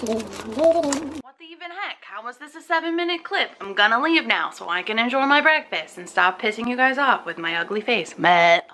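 A young woman vlogging casually at home, bubbly, often switching to high baby talk with her dogs. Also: animated, normal speed, crowd noise. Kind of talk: casual vlog chat. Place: home, indoors and out in the snow.

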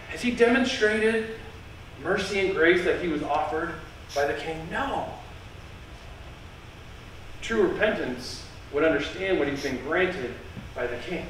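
Brief: high-pitched male preacher, earnest and emphatic, recorded from a distance in a very echoey sanctuary. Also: animated, moderate pace, pauses often, fairly bright tone, slight background noise. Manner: earnest, emphatic, with repeated phrases. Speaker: pastor. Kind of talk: sermon. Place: church sanctuary. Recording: echoey church heard from a distance.

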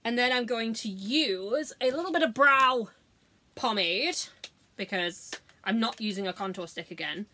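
A woman talks through her makeup routine in a loose, sweary way. She giggles and teases herself as she goes. Her voice is bright and sits fairly high. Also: lively intonation, measured pace, a little hiss or hum. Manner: sweary, giggly, self-mocking. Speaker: beauty vlogger. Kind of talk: casual makeup tutorial chat.

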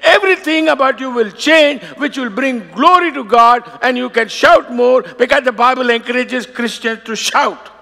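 A man preaching a sermon as pastor, emphatic and building to shouted declarations, acting out quoted voices. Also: extremely high pitch, moderate pace, creaky, hardly any pauses, big-room sound. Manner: acts out quoted voices and scripture.

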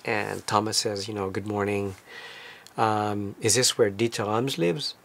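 A man casually recounting a trip as a vlogger, in a relaxed, conversational storytelling manner. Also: lowish voice, a little slow, vocal fry. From lives in Tokyo. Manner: relaxed, conversational retelling with fillers.

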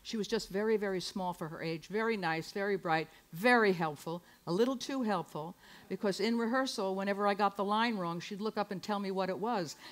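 A woman's voice: medium pitch, brisk. A woman in her sixties from San Francisco, performing a wry, self-mocking comic monologue on a live club stage into a stage microphone. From San Francisco, United States.

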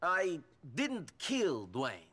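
An actor playing a hardened male gunman who speaks low, measured and cold in a crime game cutscene. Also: wildly swooping pitch, bright, forceful tone, husky, exaggerated voice.

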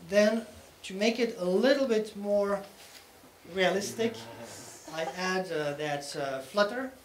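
A man presents at a technical conference, walking through each point step by step and pausing to check that the audience is following. His voice sits somewhat high. The hall around him echoes, with a faint hum of room noise beneath. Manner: explains step by step, often checking in with "okay?". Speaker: conference speaker.

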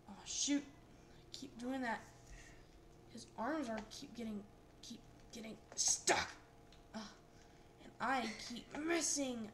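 Young female gamer, a bit high-pitched, excitable, with a faint hiss behind her. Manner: excitable, exclaims and repeats herself. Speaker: gameplay video host. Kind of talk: playing and reacting to a game.

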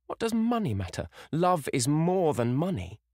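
A man's voice: on the high side, huge pitch swings, moderate pace, a little mellow, dry recording, studio quality, voice pushed up. A man doing a giddy young girl in love. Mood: pouting.

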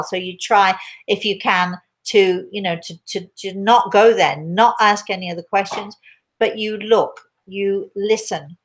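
Older English woman, gentle rambling medium. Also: medium pitch. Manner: gentle, rambling, many restarts. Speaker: spiritual medium answering viewer questions. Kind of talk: live Q&A chat.

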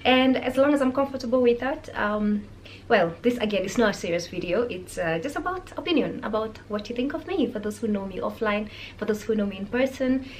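A young Kenyan woman vlogging, speaking calmly and softly as she reads out viewer comments and answers them. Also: on the high side, fairly quick, slight background noise. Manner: calm, soft-spoken, reads viewer comments aloud and replies. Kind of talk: casual vlog chat.

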